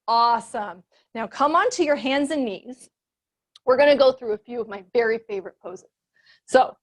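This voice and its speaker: This is a young adult woman guiding children through a yoga class. Her voice sits high, and she keeps the cues playful, encouraging and sing-song. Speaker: kids yoga teacher. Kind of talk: guided kids yoga class.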